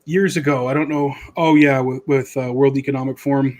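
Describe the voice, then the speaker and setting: A man's voice: mid-range voice, fairly even intonation, brisk, few pauses, a little mellow. A man in his thirties hosting a podcast, rambling in casual political commentary with a sarcastic edge. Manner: rambling, sarcastic, does mocking impressions. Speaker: podcast host.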